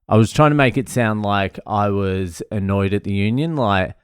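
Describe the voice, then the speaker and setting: A young Australian man with a low, smooth voice, rambling through a casual comedy podcast monologue. He swears freely and laughs at his own stories. The sound is close and dry, with no room around it. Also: moderate pace, few pauses, no echo. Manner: loose, swearing, laughing storyteller.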